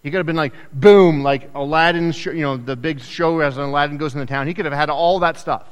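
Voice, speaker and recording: A man preaching a sermon in a conversational, animated way, acting out the people in the story with quick asides. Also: on the high side, smooth. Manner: animated, acts out quoted voices, conversational asides. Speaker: pastor. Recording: echoey hall with long reverb.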